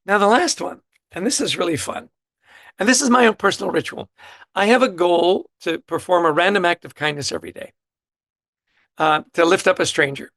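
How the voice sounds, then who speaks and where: A middle-aged man telling lively stories with enthusiasm as a guest author in a casual interview. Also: high-pitched, brisk, dry recording. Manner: animated, enthusiastic anecdote teller.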